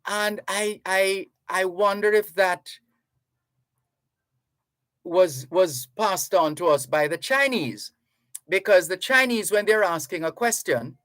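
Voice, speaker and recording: Slow, chatty Jamaican radio host. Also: male voice, high-pitched, fairly bright tone, no room sound. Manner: slow, chatty, reads listener messages aloud. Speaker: radio talk show host. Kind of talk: radio talk show monologue. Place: radio studio. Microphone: studio microphone.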